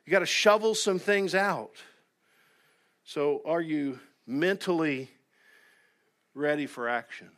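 A pastor preaching a sermon in a church, his voice sitting a little high for a man. He moves between quiet, reflective asides and loud, driving emphasis. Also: takes it slowly, pauses often. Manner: earnest, swings from soft asides to loud emphatic exhortation. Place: church sanctuary.

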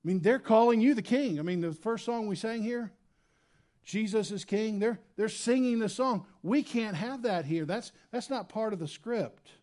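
A man preaching a sermon as pastor, swinging between loud emphatic lines and quiet, low asides. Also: moderate pace. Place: church sanctuary.

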